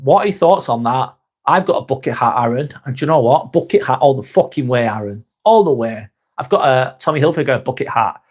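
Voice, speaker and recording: A man's voice: medium pitch, lively intonation, a little fast. A man, hosting a casual live stream, chatting to viewers by name, laid-back and swearing freely. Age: 40s.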